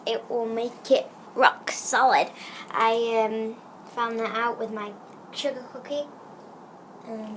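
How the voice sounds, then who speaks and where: A woman with a slightly high voice walks through a craft project step by step, and a faint hiss or hum sits in the audio. Her casual how-to narration rambles and hesitates, full of fillers and restarts.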